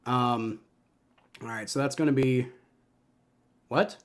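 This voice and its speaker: A young man giving live play-by-play reaction to a football game, excitable and swearing as he reacts to each play. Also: mid-range voice, takes it slowly.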